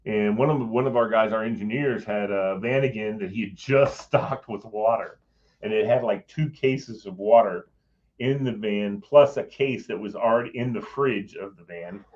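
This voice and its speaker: Lo-fi sound carries this middle-aged man's lowish voice at a moderate pace. As a guest in a casual chat, he tells a story from his own life with animation, performing quoted voices and chuckling along the way.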